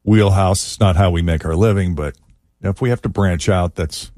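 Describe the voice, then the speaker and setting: A man's voice: low voice, normal speed, darkish tone, no echo, clean studio sound. A man hosting a radio show, explaining things in an easygoing, chatty way. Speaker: radio host. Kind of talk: casual studio chat. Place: radio studio.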